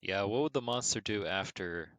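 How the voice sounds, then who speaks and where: Deep-voiced, dry-witted man co-host. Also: normal speed, fairly bright tone, no echo. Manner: dry, skeptical, teasing. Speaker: podcast co-host. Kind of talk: casual podcast chat.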